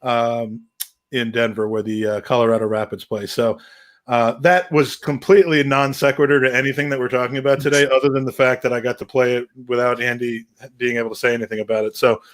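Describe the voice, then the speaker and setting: A man talks loosely as a podcast host. He stumbles and restarts often and throws in dry jokes. His voice sits at an ordinary middle pitch. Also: little pitch movement, a little fast. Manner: rambling, many restarts, wry humor. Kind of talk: casual podcast chat.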